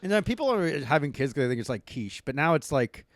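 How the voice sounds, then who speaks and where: A man's voice: on the high side, sing-song, quick pace, no echo, clean studio sound. A young man co-hosting a podcast, riffing in a crude, profane way full of fillers. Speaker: podcast co-host. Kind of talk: crude casual chat.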